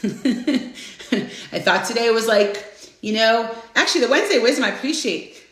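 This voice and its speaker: A woman in her forties hosting a live inspirational stream, chatting casually and greeting viewers by name with bursts of excitement. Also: on the high side, measured pace. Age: 40s. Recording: roomy echo.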